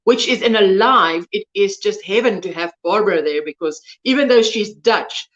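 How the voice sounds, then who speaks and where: A woman's voice: medium pitch, normal speed, a bit bright, highs cut off. A South African woman, native Afrikaans speaker, hosting a crochet livestream, chatting casually and rambling as she reads out viewer comments. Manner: chatty, rambling, loses words mid-sentence.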